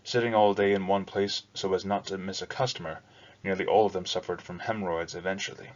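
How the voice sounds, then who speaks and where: A man narrating a novel aloud in a steady, measured reading. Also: low voice. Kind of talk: audiobook narration. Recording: dull lo-fi recording.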